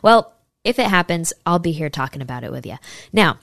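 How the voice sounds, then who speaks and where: A woman's voice: on the low side, animated, brisk, vocal fry, fairly bright tone, no echo, clean studio sound. A woman hosting opinionated political commentary, sarcastic and incredulous, reading passages from articles aloud.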